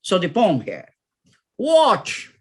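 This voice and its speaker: A man giving a plenary academic lecture, reading a poem aloud dramatically with shouted refrains. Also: high-pitched, very animated, a little slow. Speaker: plenary speaker.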